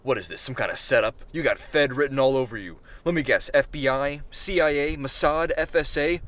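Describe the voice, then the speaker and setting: A paranoid, gruff man, voiced by a storyteller, grumbles in a low, suspicious tone. He sounds wary and reluctant. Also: a little fast, a bit bright, a little hiss or hum, lightly acted.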